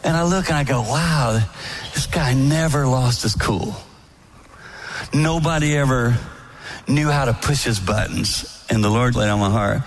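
A man giving a sermon-style talk to a live audience, telling folksy stories with soft, whispered asides. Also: mid-range voice, measured pace. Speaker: speaker at a marriage event.

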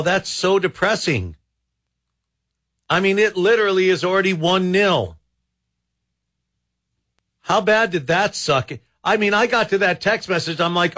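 Male radio host, somewhat high voice, drawn-out rambling delivery, exasperated. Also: fairly bright tone. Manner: rambling, exasperated, many restarts. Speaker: radio talk show host. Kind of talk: casual talk radio commentary.

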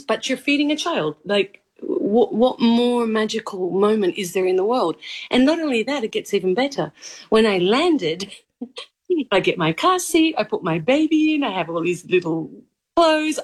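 A woman in her thirties with a mild Australian accent mixed from years abroad, an actress chatting in an interview, effusive and quick to laugh. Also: mid-range voice. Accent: mild Australian, mixed from living abroad. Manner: effusive, laughs often, animated storytelling. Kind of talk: casual interview chat.

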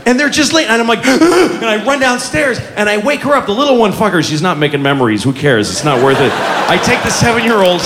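A man doing stand-up comedy, telling a story animatedly, often shouting and swearing. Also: sits high, animated, a little fast, few pauses, long reverb tail. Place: comedy venue, indoors. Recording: live club with loud crowd and noise.

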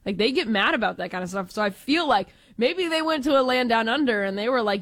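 A woman from Texas co-hosting a sports talk show, animated and emphatic, with playful jokes. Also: a little high, quick pace, few pauses. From Texas, United States. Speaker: sports radio co-host.

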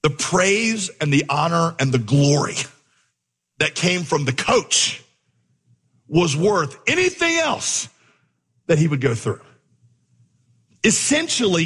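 Preacher, male, somewhat high and husky, animated storyteller, big hall reverb. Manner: animated storyteller, acts out dialogue. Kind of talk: sermon with storytelling.

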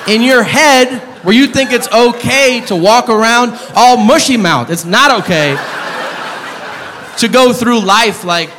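A man performing a stand-up comedy set, telling a story loudly and incredulously and shouting out the lines he acts out, on a club stage with the audience laughing. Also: very high voice, a little slow. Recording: reverberant live venue with crowd noise.

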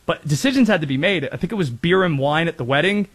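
A man's voice: fairly high pitch, expressive, fast talker. A man from North Carolina hosting a casual sports talk show, chatty with rambling asides. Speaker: sports radio host.

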